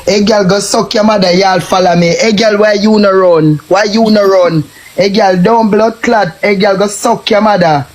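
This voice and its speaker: A man's voice: high-pitched, steady tone, normal speed, low-quality recording. A man with a Jamaican accent, ranting and taunting in a cursing live stream tirade.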